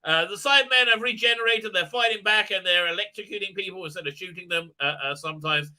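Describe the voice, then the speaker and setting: A man's voice: sits high, quick pace, sharp tone. A man giving a casual, rambling and sarcastic spoken review of a TV episode, full of "uh" fillers and restarts. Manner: mocking put-on voices for characters. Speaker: video reviewer.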